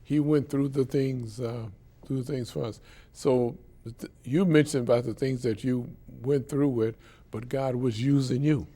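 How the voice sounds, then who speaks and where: A man hosting an interview, speaking haltingly with fillers and repeated words and offering frequent short affirmations. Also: medium pitch, fairly even intonation, warm tone. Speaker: host.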